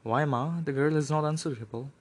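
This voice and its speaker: A man's voice: on the high side, fairly quick, husky. An impatient, headstrong young man from a storybook, eager and insistent, read by a male narrator. He keeps a mild surface over his stubbornness.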